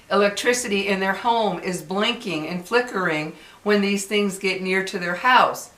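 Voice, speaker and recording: A woman in her late sixties talks straight to her viewers in a blunt, heated vent, circling back and repeating her points. Her voice sits at a middle pitch for a woman. The room around her has a noticeable echo. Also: sharp tone. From United States. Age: 60s. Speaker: vlogger. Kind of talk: angry venting to camera.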